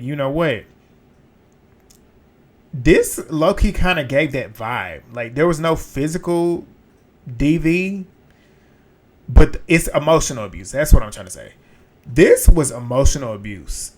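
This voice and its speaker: A man giving casual, frank commentary as host of a reality TV recap, blunt and sometimes profane. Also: a little high.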